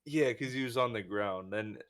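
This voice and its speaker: A man's voice: lowish voice, moderate pace, fairly bright tone. A young man guesting on a podcast, sheepishly explaining himself and laughing a lot in casual chat.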